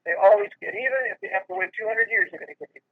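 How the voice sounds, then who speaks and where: A man's voice: high voice, steady tone, rapid-fire, narrow, tinny audio. A man speaking as an interview guest, emphatic and lecturing, acting out quoted dialogue as he tells stories. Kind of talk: conversational interview.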